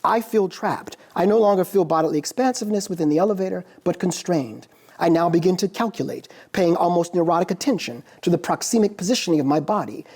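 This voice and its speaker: A man, a philosophy professor, giving a formal lecture in a measured, deliberate way with dramatic pauses. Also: high-pitched, a little mellow, slightly rough. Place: lecture hall.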